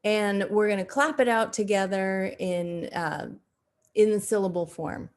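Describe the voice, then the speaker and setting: Woman teacher narrating a recorded lesson to young kids over slides. She speaks slowly and deliberately, with many "uh" fillers and restarts. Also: mid-range voice. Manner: slow, deliberate, with frequent fillers and self-corrections. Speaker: second grade teacher.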